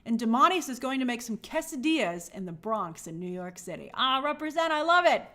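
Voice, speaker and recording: A woman's voice: fairly high pitch, sing-song, brisk, sharp tone. A woman hosting a live stream, chatting casually and greeting viewers by name in an upbeat, friendly way.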